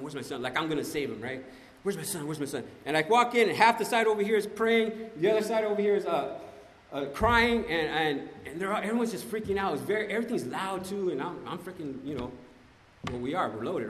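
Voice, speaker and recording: A man's voice: high voice, expressive, quick pace, a bit bright. A man giving a conversational, emphatic personal testimony at a recovery meeting, often asking "right?". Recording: echoey hall, faint ambience.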